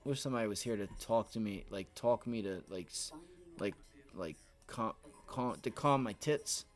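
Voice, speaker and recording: A man streaming live from home, giving excitable, profane trading commentary while talking to himself and his viewers. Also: fairly low pitch, moderate pace, soft background music. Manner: excitable, swears, talks to himself and chat. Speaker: livestream day trader.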